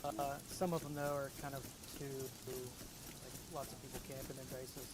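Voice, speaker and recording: Quiet man on noisy game voice chat. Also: level tone, normal speed. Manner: quiet, low-key, brief replies. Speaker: fellow player.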